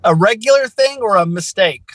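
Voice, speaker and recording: High-voiced, playful man guest. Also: expressive, normal speed, no echo. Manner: playful, giggly, mimics exclamations. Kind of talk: casual interview chat.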